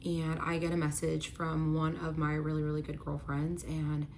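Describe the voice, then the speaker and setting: Young woman telling a story to camera, kinda low voice, says like constantly, faint room hum. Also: completely flat delivery, moderate pace, a little mellow. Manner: chatty, constant "like", acts out quoted dialogue. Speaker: storytime vlogger. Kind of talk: casual storytelling.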